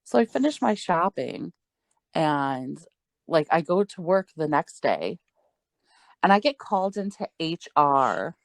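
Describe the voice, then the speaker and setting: A woman's voice: low-pitched, measured pace, no room sound. A young woman co-hosting a podcast, telling a story in casual chat, swearing freely and laughing as she goes. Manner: animated, profane, laughing as she tells it. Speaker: podcast co-host.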